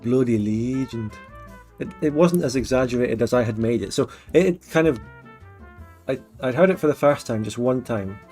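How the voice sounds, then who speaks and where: A man's voice: medium pitch, animated, fairly quick, darkish tone, faint music behind. A man hosting a casual live stream, musing aloud and often restarting his sentences. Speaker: stream host.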